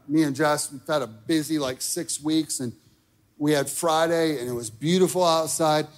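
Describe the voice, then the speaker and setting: A man preaching a sermon in a church, talking casually with lots of "like", rising to shouted peaks and dropping to quiet asides. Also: on the high side. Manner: casual wording with many fillers like "like". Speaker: pastor. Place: church sanctuary.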